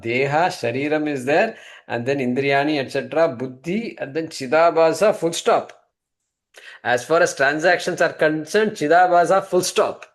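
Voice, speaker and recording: A man teaching a scripture class, asking himself questions and answering them. He swings from emphatic high points to quiet low asides. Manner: rhetorical questions, answering himself, repeated restarts. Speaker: Vedanta teacher.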